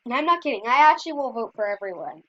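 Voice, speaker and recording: A high-pitched woman talks viewers through a game in a loose, rambling way, addressing them directly. The recording is dull and lo-fi, with a dry, close sound. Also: expressive, fast, dry recording. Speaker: gameplay video creator. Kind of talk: casual gameplay commentary.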